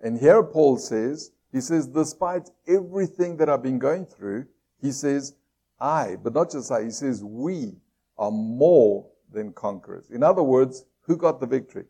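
Gravelly-voiced man preaching a sermon. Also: medium pitch, expressive, dark tone. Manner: asks the congregation many rhetorical questions; slows to stress key phrases. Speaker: pastor.

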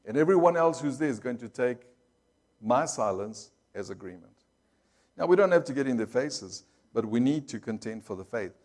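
A man's voice: medium pitch, animated, moderate pace, darkish tone. Man preaching a story-driven sermon. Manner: storytelling, acting out quoted voices, audience call-outs. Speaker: pastor.

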